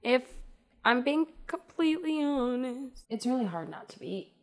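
Woman podcast guest, animated, sassy, emphatic delivery in casual chat. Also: high voice, normal speed.

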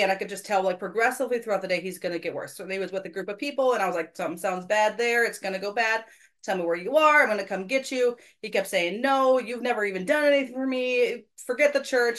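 A woman's voice: medium pitch, fairly bright tone. A woman hosting a faith podcast, telling a personal church story in casual conversation, earnest and self-deprecating.

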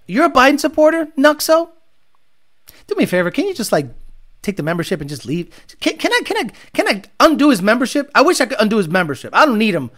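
A man's voice: high voice, sing-song, fairly quick, fairly bright tone. A man hosting a livestream, telling rambling stories and mocking his chat in a casual, profane way. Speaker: livestream host reading chat.

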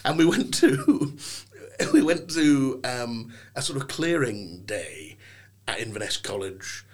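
Taking it slowly in a mid-range voice, the young English podcast guest tells his stories over a casual chat. He delivers them with theatrical animation and playful put-on voices.

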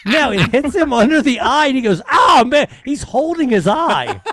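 A man's voice: very high voice, moderate pace, dry recording, studio quality. A man co-hosting a podcast, telling family stories with plenty of laughter. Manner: animated storyteller, laughs often. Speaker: podcast co-host. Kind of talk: casual chat.

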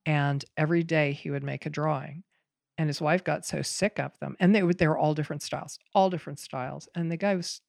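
A woman in casual podcast conversation, talking in an animated, rambling way with frequent laughs and restarts. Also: low voice, a little fast, creaky, dry recording, studio quality. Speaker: podcast guest, bonsai student.

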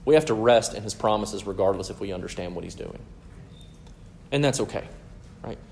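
A man's voice: lowish voice, animated, brisk, vocal fry, darkish tone, slight background noise. A man preaching a sermon in an earnest, teaching way, often checking in with his listeners. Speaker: pastor.

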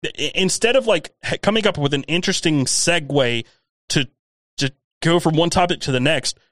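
Podcast co-host, a man with a faint Southern twang, animated ranting, dry studio sound. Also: a little high, normal speed, no room sound. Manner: ranting, animated, swears freely. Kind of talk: casual chat.

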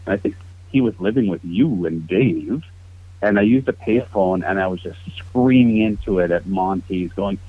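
A man in his fifties telling a profane, animated story to old friends over a call. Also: lowish voice, moderate pace, husky. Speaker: podcast guest. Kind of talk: casual storytelling. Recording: tinny phone-like call audio.

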